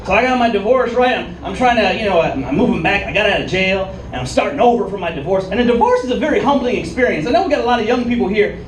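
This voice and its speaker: A man's voice: sits high, lively intonation, fast talker, few pauses. A man performing a stand-up comedy set in a club, telling his story in a punchy, conversational way. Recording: echoey club from a distant mic with crowd noise.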